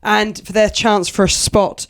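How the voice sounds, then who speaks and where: A woman co-hosting a podcast in casual chat, teasing and quick with puns. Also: mid-range voice, little pitch movement. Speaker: podcast co-host.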